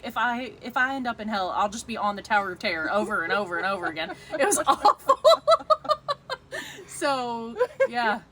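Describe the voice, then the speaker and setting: Lady with a bright sharp voice in a casual chat, tells stories all animated and laughing, kinda high. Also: a little hiss or hum. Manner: animated storyteller, laughs often. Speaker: co-host.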